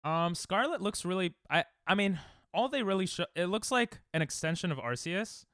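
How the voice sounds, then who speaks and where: With a high voice, lively intonation and a bit of brightness, a young streamer speaks at a normal speed during a speedrunning livestream. The studio-quality recording has no echo. He chats casually with viewers, rambling, mocking himself and restarting his sentences often.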